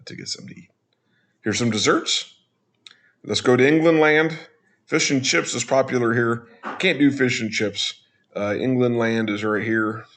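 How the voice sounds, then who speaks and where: A man's voice: fairly low pitch, gravelly, a bit bright. A man talking casually over a walkthrough as a travel vlogger, chatty, with joking asides.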